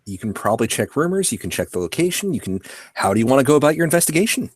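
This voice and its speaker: A man running a tabletop game as game master, relaxed as he explains the rules plainly. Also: mid-range voice, rapid-fire, husky, no room sound, clean studio sound. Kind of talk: running a tabletop game over an online call.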